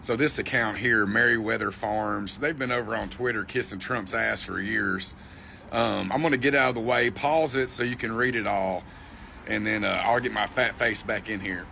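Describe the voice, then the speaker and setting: A man's voice: lowish voice, fairly even intonation, normal speed, gravelly, pushed and bright, slight background noise. A man hosting a political reaction video, talking in a profane, scornful, ranting way about the news. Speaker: political commentary host. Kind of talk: reaction commentary.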